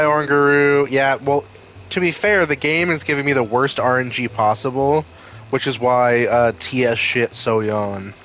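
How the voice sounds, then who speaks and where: A male streamer talking loosely over his gameplay in an ordinary mid-range voice. He rambles from one joke to the next and fills his sentences with "like," while soft game music plays faintly underneath. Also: mid-range voice, poor audio. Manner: rambling and jokey, leans on "like". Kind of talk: casual live-stream chatter while gaming.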